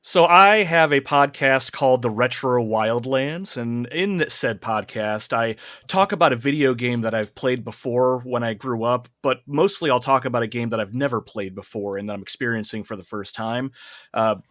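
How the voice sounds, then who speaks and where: A man's voice: medium pitch, moderate pace, fairly bright tone, no room sound. Upbeat chatty man, dry sound. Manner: upbeat, chatty, self-deprecating. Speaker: podcast guest. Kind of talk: casual podcast chat.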